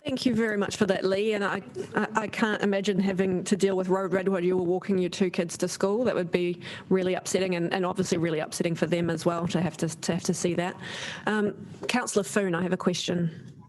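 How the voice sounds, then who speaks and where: A woman's voice: fairly low pitch, little pitch movement, fast, darkish tone, rough recording. A New Zealand woman chairing a council hearing, friendly and appreciative as she thanks speakers and organises the session. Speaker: meeting chair.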